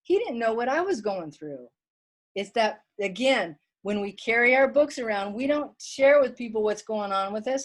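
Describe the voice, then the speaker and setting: A woman's voice: a little high, lively intonation, normal speed. A woman giving an online wellness workshop talk from home, chatty and plain-spoken, reading viewer comments aloud.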